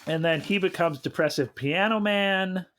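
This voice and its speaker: A man co-hosting a comedy podcast, giving mocking, animated recaps of a movie's plot. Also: high-pitched, moderate pace, a little hiss or hum. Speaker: co-host.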